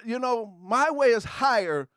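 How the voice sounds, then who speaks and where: Male pastor, high voice, dry close sound, fervent call-and-response preaching. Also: animated, measured pace, smooth, no room sound. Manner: call-and-response preaching, swings from hushed to shouting. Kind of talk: sermon.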